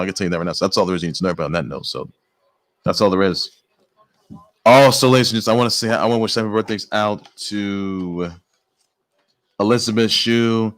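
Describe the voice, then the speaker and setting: A man hosting a sports news show, talking excitedly and stammering through restarts and exclamations. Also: on the low side, clean tone, no room sound. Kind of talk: casual sports news commentary.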